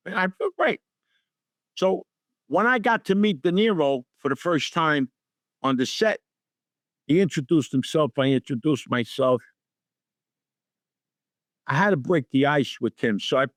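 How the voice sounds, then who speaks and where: An older man recounts stories from his career as a guest on an interview show. He is animated and acts out the voices of the people in his tales. His voice sits fairly high, and the recording is close and dry. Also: dry recording. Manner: animated anecdote-teller acting out dialogue. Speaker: actor guest. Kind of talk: storytelling interview.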